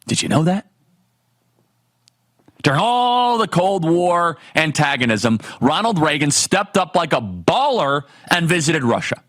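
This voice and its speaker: Male political talk host, emphatic, fairly high voice, dry close sound. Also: a little slow, few pauses, no room sound. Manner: emphatic, rhetorical questions, animated. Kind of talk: fiery political commentary monologue.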